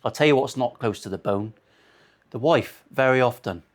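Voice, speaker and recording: A man's voice: medium pitch, moderate pace. A man, a luthier talking casually as he works on a guitar in his workshop, rambling into crude, sweary jokes. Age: 40s. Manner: chatty, crude, rambling banter with frequent swearing.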